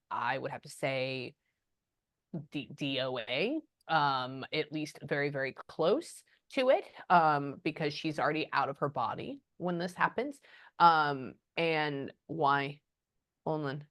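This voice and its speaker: A woman giving a casual spoken reading as a psychic medium, often pausing and muttering "hold on" while she thinks. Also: low-pitched, fairly bright tone.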